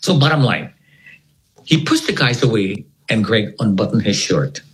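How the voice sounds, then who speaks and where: A man with a lowish, sing-song voice speaks at a normal pace over poor audio. As an interview guest, he dramatically retells a gripping personal story, repeating words for effect in animated spoken storytelling.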